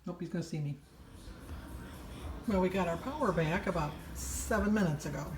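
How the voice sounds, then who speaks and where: A woman's voice: lowish voice, moderate pace, slight background noise. Chatty older woman vlogging. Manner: chatty storytelling, laughs often. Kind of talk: casual daily vlog.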